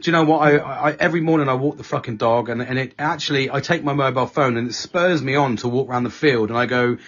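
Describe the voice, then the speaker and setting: A man's voice: medium pitch, fast, a bit bright. A man chatting casually as podcast host, swearing often and breaking into silly voices when quoting his friends. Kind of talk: casual chat. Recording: dull lo-fi sound.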